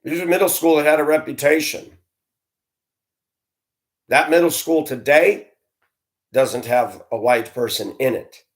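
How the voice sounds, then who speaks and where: A man's voice: on the high side, measured pace, pauses often. A middle-aged man, a former school bus driver, telling a personal story in a conversational way and speaking straight to his listeners. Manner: conversational, addresses listeners directly, acts out dialogue in his telling.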